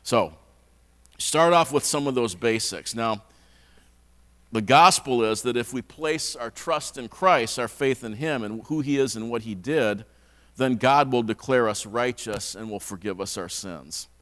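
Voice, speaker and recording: A man's voice: mid-range voice, a little slow, fairly bright tone. A man preaching a conversational sermon in a church, often repeating words as he restarts. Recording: long hall reverb.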